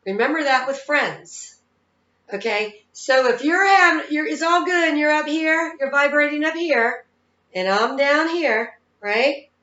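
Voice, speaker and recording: Her voice sits high and bright with a forceful tone, though she never rushes, as this psychic medium gives folksy, chatty spiritual advice and keeps checking in with listeners. The sound is dull and lo-fi, captured in an echoey room.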